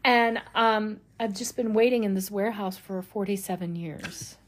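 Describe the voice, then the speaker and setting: A woman's voice: mid-range voice, normal speed. A woman in her forties co-hosting a podcast, telling stories in playful casual chat. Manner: playful, laughing, storytelling. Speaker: podcast co-host.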